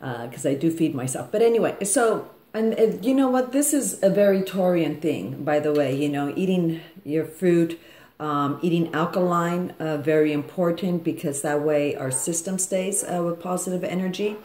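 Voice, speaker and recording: A woman's voice: on the low side, moderate pace, dark tone, a little hiss or hum. A woman astrologer and life coach giving a casual forecast. She rambles and keeps checking in with her listeners by asking "okay?". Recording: echoey room.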